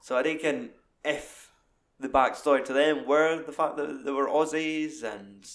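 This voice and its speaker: A man in casual film chat, talking in an animated, sweary, enthusiastic way. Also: on the high side, unhurried.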